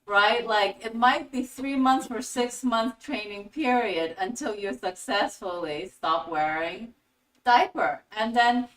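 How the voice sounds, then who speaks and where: A woman hosting a spiritual teaching talk in a fairly high voice, animated and acting out little scenes as she explains. Her voice sounds set back from the mic in a roomy, echoey space. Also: takes it slowly. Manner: animated storytelling with acted-out quotes. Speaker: host. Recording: echoey room, voice from a distance.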